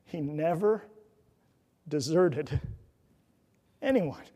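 Guy preaching a sermon, kinda high voice, big echoey church, goes from loud to almost whispering. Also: animated, very slow. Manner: dramatic swings from loud emphasis to hushed near-whispers; earnest, exhorting, rhetorical questions. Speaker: pastor. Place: church sanctuary. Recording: reverberant church hall.

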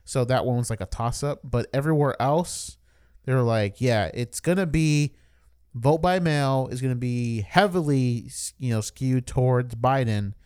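A man's voice: mid-range voice, unhurried, a little mellow, clean tone. A man co-hosting a podcast, chatting casually and rambling with many fillers and restarts. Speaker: podcast co-host.

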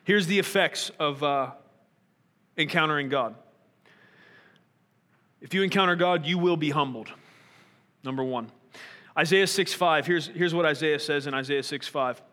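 A man's voice: a little high, measured pace, pauses often, pushed and bright, in a large hall. A man preaching a sermon, earnest and probing, asking his listeners pointed rhetorical questions.

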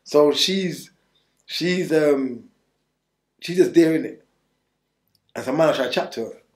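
A man's voice: a little high, measured pace, reverberant. A man telling his story bluntly in street slang during an interview, rambling and restarting as he goes. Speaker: interview guest.

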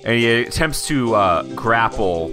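A man's voice: mid-range voice, expressive, a little slow, over music. A man narrating as game master in a tabletop game, casual and full of "like" and laughs.

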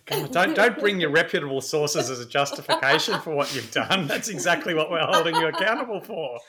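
A woman's voice: deep voice, lively intonation, brisk, a crowd in the background. A woman co-hosting a podcast, playful and mock-outraged in banter. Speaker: podcast co-host. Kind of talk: casual podcast chat.

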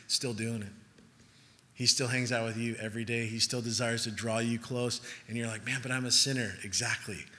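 A man preaching with a very bright, forward voice, talking to the congregation casually and playfully. He slips into quick acted-out voices as he goes. His words ring out with a long reverb through a large church hall. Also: medium pitch. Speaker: pastor. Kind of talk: sermon.

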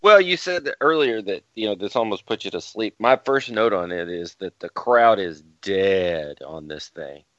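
A man's voice: fairly low pitch, animated, moderate pace, few pauses, a bit bright, dry recording, lo-fi sound. A man co-hosting a podcast with wry, sarcastic commentary. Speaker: podcast co-host. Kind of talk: casual chat.

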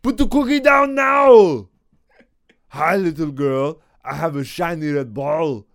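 A man doing an impression of a gruff action-hero film star, barking loud commands. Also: a little high, slow pace. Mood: blustering.

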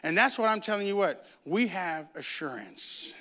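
A man's voice: high-pitched, sing-song, moderate pace, sharp tone. A male pastor preaching a fervent sermon, repeating himself and calling for amens from the congregation. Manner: fervent, repetitive call-and-response preaching. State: raises his voice at times.

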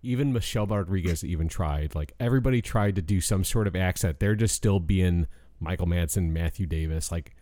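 A man's voice: sits low, a little fast, mellow, dry recording, studio quality. A man co-hosting a podcast, chatting casually with lots of fillers and restarts. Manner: rambling, many fillers and restarts. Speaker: podcast co-host.

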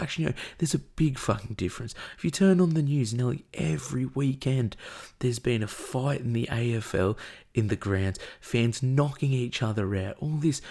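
A man's voice: mid-range voice, vocal fry, darkish tone. An Australian man hosting a show, delivering an angry, profane and emotional rant as commentary.

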